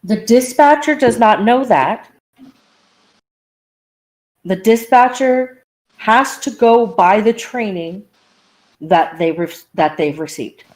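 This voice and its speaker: A woman co-hosting a casual podcast who pushes back calmly and with reasons. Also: medium pitch, slow pace, long pauses, poor audio. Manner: calm, reasoning pushback. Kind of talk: casual chat.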